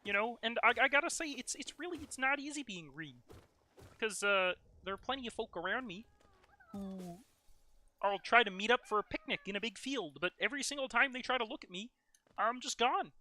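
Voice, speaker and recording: A man's voice: very high-pitched, animated, brisk, sharp tone, pitched above the performer's own voice, exaggerated voice. A man voicing a well-meaning male frog puppet with a nasal, warbling voice, talking in a rambling, hesitant way while sick. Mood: folksy. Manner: hesitant, filler-heavy storytelling. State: sick, voice strained.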